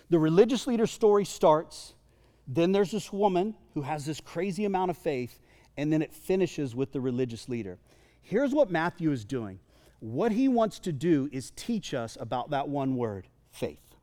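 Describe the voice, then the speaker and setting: A man preaching a sermon to a congregation, conversational and joking with the crowd. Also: on the high side. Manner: lively, conversational, jokes with the congregation. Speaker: pastor. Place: church sanctuary. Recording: long reverb of a large hall.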